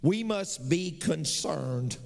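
A man's voice: a little high, lively intonation, slow pace, vocal fry, darkish tone. A middle-aged man, preaching a sermon as pastor with emphatic, repetitive phrasing in a large church sanctuary. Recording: long reverb of a large church hall.

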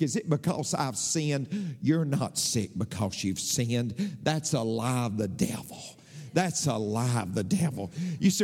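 A man preaching a sermon as pastor, passionate, dropping to low murmurs and climbing to high cries. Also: animated, measured pace, a little mellow. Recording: long hall reverb.

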